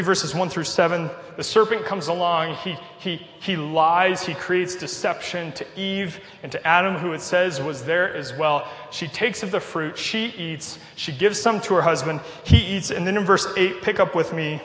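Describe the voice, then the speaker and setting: A man's voice: high voice, measured pace, fairly bright tone. A man with a nasal voice, preaching a sermon in a conversational way with casual asides. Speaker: pastor. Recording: echoey hall with long reverb.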